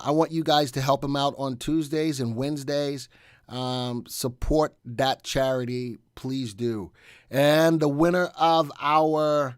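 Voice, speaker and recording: A man's voice: mid-range voice, clean tone, no room sound, studio quality. Upbeat middle-aged man hosting a live stream. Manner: upbeat and joking, chatting with viewers. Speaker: stock analysis live stream host. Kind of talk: casual live stream talk.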